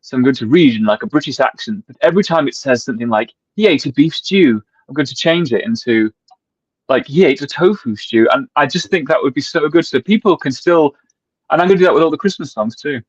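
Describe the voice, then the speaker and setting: A man's voice: mid-range voice, lively intonation, quick pace, breathy edge, dry recording, highs cut off. A man chatting casually as a guest, laughing often and talking in fillers and restarts. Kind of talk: casual chat.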